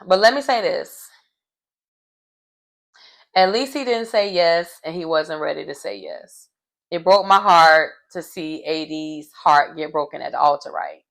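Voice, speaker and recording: A woman's voice: deep voice, a little slow, creaky, long pauses, fairly bright tone. A woman hosting a casual reality TV recap, sassy and colloquial, laughing often as she reacts.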